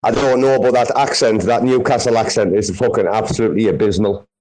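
A man's voice: on the low side, steady tone, fast, darkish tone, low-quality recording. A man with a Sunderland accent hosting a casual chat, swearing heavily in rowdy banter. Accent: Sunderland English. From northeast England.

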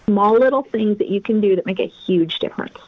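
A woman's voice: mid-range voice, a little fast. A woman working as a private investigator, speaking as an interview guest and telling her story in an earnest, faith-driven way. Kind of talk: conversational interview over a remote line. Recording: tinny phone-line audio.

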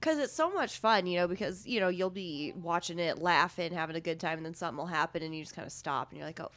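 A woman talking freely on a podcast, dropping "you know" as she goes. Her voice sits a bit low for a woman. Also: fast, fairly bright tone. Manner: chatty, fillers, frequent "you know". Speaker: podcast co-host. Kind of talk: casual chat.

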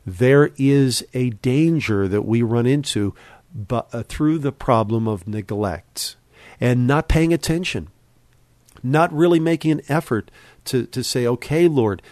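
A man's voice: mid-range voice, measured pace, a little mellow, dry recording. Earnest man preaching on a podcast. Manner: earnest, exhorting, varies pace for emphasis. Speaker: podcast Bible teacher. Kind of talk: podcast sermon.

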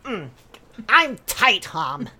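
A woman hosting a casual comedy chat, halting and restarting as she talks. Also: medium pitch, big pitch swings, sharp tone, slightly rough. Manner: halting, many restarts when unscripted.

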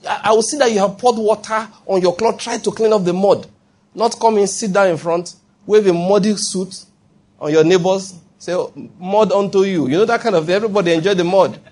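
A man's voice: high-pitched, fairly quick, a little mellow. A man preaching a sermon in a conversational way, acting out quoted voices and often checking that listeners follow. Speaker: pastor.

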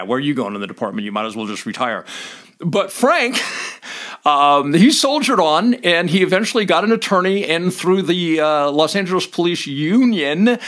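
Man, middle-aged, former police officer, casual storytelling, blunt, swears, lively pitch swings. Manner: animated, acts out shouted commands; blunt, swears freely, laughs between points.

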